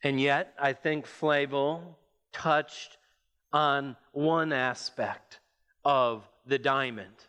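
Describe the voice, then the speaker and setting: A man preaching a sermon, reading scripture and explaining it with measured emphasis. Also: fairly even intonation, sharp tone, clean tone. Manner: measured, emphatic preaching that rises in pitch as it builds.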